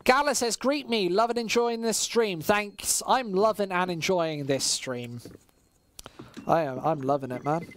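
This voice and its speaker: Excitable West Midlands man casting esports. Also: measured pace, slight background noise. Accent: West Midlands English. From West Midlands, England. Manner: casual and chatty, surges loud and high on big plays. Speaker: esports commentator. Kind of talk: solo live-stream play-by-play commentary, reading chat.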